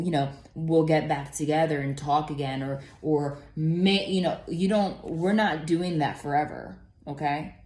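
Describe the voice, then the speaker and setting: A woman's voice: sits low, fairly even intonation, unhurried, hardly any pauses, darkish tone. A woman giving a casual tarot reading in a chatty, rambling way, full of fillers and casual swearing. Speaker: tarot reader. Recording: roomy echo.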